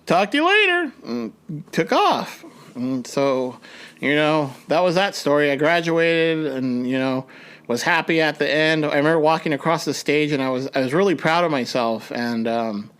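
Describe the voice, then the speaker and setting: A man's voice: normal speed, a bit bright, clean tone. A young man hosting a podcast, telling a personal story in a rambling way with many restarts, his voice jumping up when he acts out his panic. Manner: rambling, frequent restarts, voice jumps high when reenacting panic. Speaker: podcast host.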